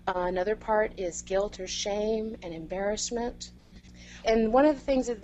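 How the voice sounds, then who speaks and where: Woman host, mid pitch, hesitant with fillers, faint hum behind. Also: a little mellow, poor audio. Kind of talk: explaining research in casual talk.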